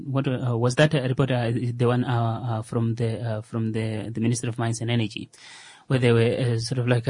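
A man talks through a casual radio discussion, stopping and restarting often and filling the gaps with fillers. His voice is husky and a little rough. The sound is dry and close, with no room around it. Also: mid-range voice, darkish tone, no echo. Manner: hesitant, many fillers and restarts. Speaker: co-host.

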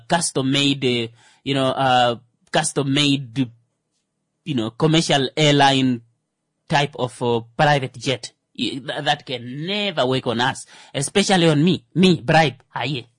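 Male radio host, sarcastic satirical commentary, husky voice, dry close sound. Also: medium pitch, a bit bright, no echo. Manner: sarcastic, mock-indignant, stumbling restarts.

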